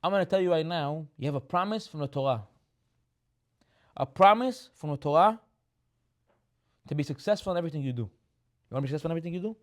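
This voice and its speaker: A rabbi preaches at a rapid clip in a slightly high voice. He keeps repeating his key lines and scatters Hebrew terms through the talk. His volume often climbs to loud, emphatic peaks. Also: lively intonation. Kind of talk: sermon.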